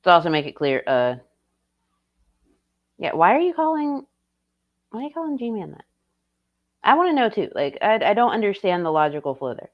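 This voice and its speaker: A woman's voice: mid-range voice, sing-song, moderate pace, long pauses, lo-fi sound. A woman streamer reacting to a video in casual, blunt and profane commentary. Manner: blunt and profane, laughs often.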